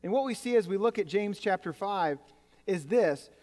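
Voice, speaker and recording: A man's voice: high voice, expressive, moderate pace, a little mellow. A man preaching a sermon in a church, talking to the congregation in a conversational way with jokes and repeated words. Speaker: pastor. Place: church sanctuary. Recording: reverberant hall.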